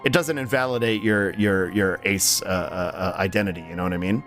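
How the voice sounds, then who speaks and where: A man with a low, slightly bright voice streams and chats casually with viewers, talking a little fast over faint background music. He rambles with many ums, uhs, and restarts, reads chat aloud, laughs easily, and sounds tired and strained.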